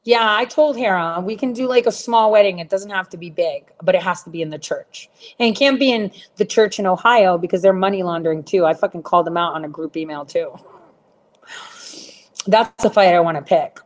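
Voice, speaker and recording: A woman's voice: on the low side, fairly quick. A middle-aged woman talking to viewers in a rambling, blunt, profane rant, full of fillers. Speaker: livestream host answering viewers.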